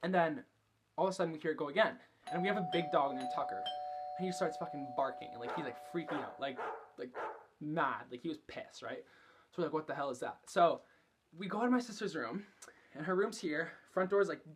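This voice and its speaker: A man's voice: on the high side, brisk, very noisy. A young man vlogging, telling a story casually and chattily, swearing a lot and filling every sentence with fillers. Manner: chatty, profane, filler-heavy.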